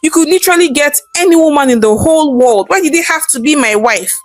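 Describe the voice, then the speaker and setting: A woman's voice: fairly high pitch, expressive, fairly quick, no room sound, close to an everyday voice. Woman playing an anguished betrayed husband. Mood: angry.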